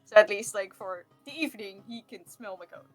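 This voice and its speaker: A woman's voice: medium pitch, a little fast, soft background music. A young woman playing in a tabletop game, rambling and hesitant with many fillers. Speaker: player. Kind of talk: tabletop role-play chat.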